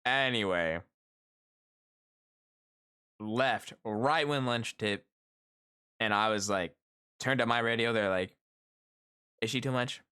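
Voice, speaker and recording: A middle-aged man streaming live, telling a story about his workday to his chat in a lively, animated way and acting out the people in it. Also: mid-range voice, slow, long pauses, clean tone. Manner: animated storytelling, acts out quoted coworkers. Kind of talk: casual chat with viewers.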